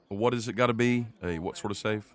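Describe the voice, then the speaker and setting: A man's voice: fairly low pitch, fairly quick. A man running a tabletop game as game master, narrating the scene in a playful, teasing way.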